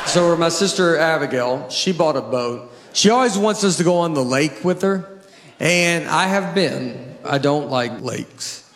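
A man's voice: on the high side, animated, unhurried, a bit bright. A man doing stand-up comedy, rambling and exasperated as he tells a story. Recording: echoey hall with noise.

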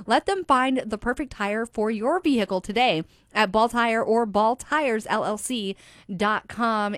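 A woman's voice: mid-range voice, fairly bright tone, no echo, studio quality. A woman radio DJ on a rock station, chatting through the weather and ads with a slight lisp and laughing at herself. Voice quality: slight lisp from a teeth aligner. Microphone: studio microphone.

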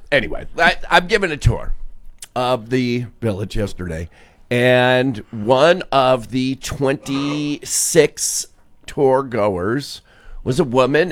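A man's voice: medium pitch, lively intonation, takes it slowly, a bit bright. A man cohosting morning radio, telling a rambling story with restarts and hedges.

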